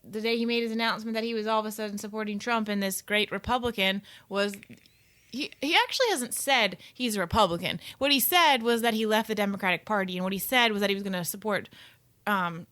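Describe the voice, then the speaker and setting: A woman's voice: medium pitch, quick pace, a bit bright. A woman co-hosting a casual political podcast, dry and joking in her remarks. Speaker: podcast co-host.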